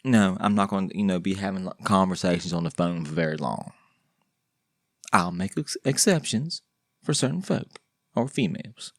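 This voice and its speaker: In a dry, studio-quality recording, a man with a low, expressive voice hosts his own podcast at a moderate pace. Talking solo and casually, he rambles, uses slang, jokes around and restarts often.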